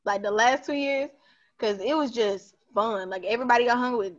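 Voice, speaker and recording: A woman's voice: fairly high pitch, moderate pace. A woman co-hosting a podcast, telling loose stories in casual chat with friends and laughing often. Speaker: podcast co-host. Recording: dull lo-fi sound.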